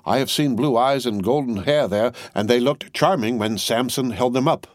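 A man reading the part of a cruel, bloodthirsty male juryman with a croaking voice. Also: medium pitch, moderate pace, no room sound, clean studio sound, pitched above the performer's own voice, natural voice. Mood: relishing.

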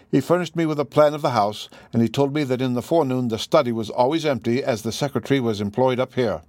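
A man's voice: medium pitch, darkish tone, no room sound, studio quality, natural voice. A man reading the lines of a proud, desperate Russian woman, in an impassioned, accusing manner. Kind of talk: audiobook dialogue reading.

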